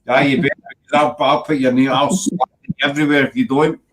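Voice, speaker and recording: A man's voice: mid-range voice, steady tone, fairly quick. Joking Scottish man hosting a show. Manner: jokey, teasing, laughs often. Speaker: podcast host. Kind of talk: casual chat.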